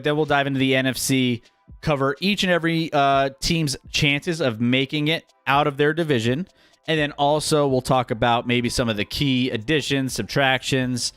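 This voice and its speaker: A man hosting a casual sports talk show, energetic and rambling as he previews the season. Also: mid-range voice, smooth, no room sound. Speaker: sports podcast host.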